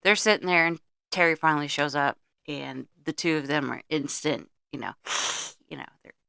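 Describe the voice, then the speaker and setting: A middle-aged woman with a low, gravelly voice and a bright, sharp edge chats through a film's plot. She is blunt and swears freely. The sound is close and dry. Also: moderate pace, no room sound. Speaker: podcast co-host. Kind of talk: casual movie-review chat.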